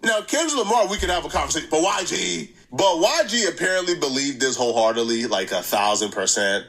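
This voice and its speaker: With a medium-pitched voice captured on poor audio, this reaction-channel host comments in a relaxed, lively way, chuckling readily and restating points to stress them.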